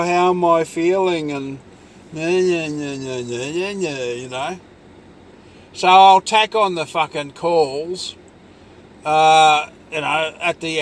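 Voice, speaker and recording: A man with a fairly high voice delivers a rambling monologue, swearing heavily and circling back with "you know" as his frustration boils over. A faint hum of traffic sits behind him. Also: a bit bright. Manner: angry, profane ranting with many fillers.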